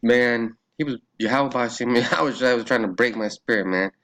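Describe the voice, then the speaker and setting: A man's voice: medium pitch, normal speed, fairly bright tone. A man talking casually through a Bible study in his own video, loose and swearing, laughing and thinking aloud as he reads. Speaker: religious vlogger.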